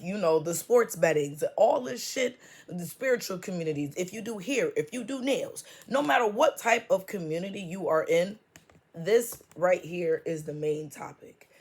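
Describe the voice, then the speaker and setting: Low-voiced woman tarot reader, slangy and loose. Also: a little mellow. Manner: loose, slangy and profane, drawn-out fillers. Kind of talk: casual spiritual tarot talk.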